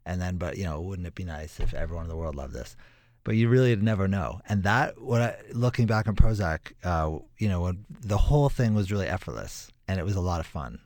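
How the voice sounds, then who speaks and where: A man with a deep, low voice talks as an interview guest, animated and given to emphatic exclamations. He laughs easily. The sound is close and dry. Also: a little fast, dry recording. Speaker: musician guest. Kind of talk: casual interview chat.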